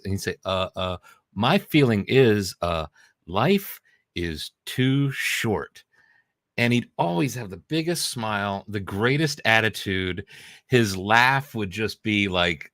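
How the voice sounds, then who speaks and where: A man's voice: on the low side, fairly bright tone, dry recording, studio quality. A man, a regular panelist on a talk stream, telling a story in a hesitant way with many ums. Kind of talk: casual storytelling.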